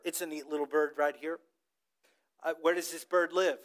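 Preaching to a congregation, this pastor animatedly tells stories and has the crowd echo words back to him. He's an adult whose child is old enough to talk, and his voice is on the high side and fairly bright, with a level tone at normal speed.

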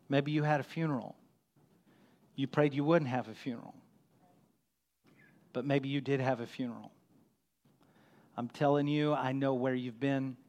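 A man preaching a sermon as pastor, dropping to a hush and rising to emphatic, loud peaks. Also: mid-range voice. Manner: swings from hushed to loud, emphatic.

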